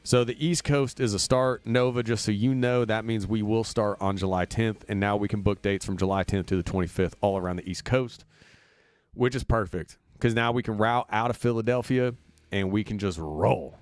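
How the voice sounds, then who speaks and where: A man from Indiana, a band member booking a tour, chats casually and upbeat on a livestream, rambling with plenty of fillers. His voice is fairly low at normal speed, the recording is dry, and faint demo music loops in the background.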